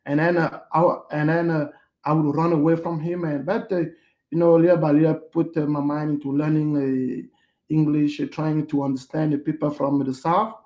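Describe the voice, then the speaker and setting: Halting Cameroonian man, echoey room. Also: on the high side, level tone, dull audio. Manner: halting, many "uh" fillers and restarts. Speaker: podcast guest, hotel manager. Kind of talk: casual interview conversation.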